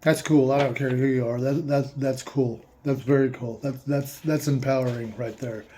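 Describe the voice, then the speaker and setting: Mellow-voiced man musing aloud. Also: medium pitch, fairly even intonation, normal speed, a little hiss or hum. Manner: rambling, reads text aloud and comments. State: emotional, eyes watering. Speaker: host reading aloud and reacting. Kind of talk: casual monologue.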